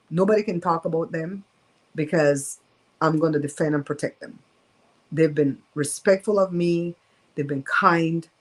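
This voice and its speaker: A woman's voice: sits low, poor audio. A woman hosting a casual live-stream storytime from home, talking in a candid, emphatic and gossipy way. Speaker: host of a live show.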